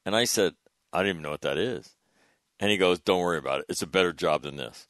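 A man's voice: sits low, fast talker, fairly bright tone, no echo. A former Marine officer, a man, telling an easygoing service story in casual conversation. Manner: easygoing, laughs while telling stories.

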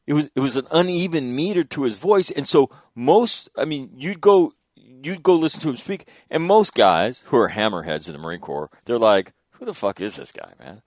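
A man's voice: medium pitch, sing-song, normal speed, darkish tone, no room sound. Male radio host, blunt and salty, dry close studio sound, stacks words as he drives his questions. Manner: emphatic, profane, stacks repeated words. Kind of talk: casual panel discussion.

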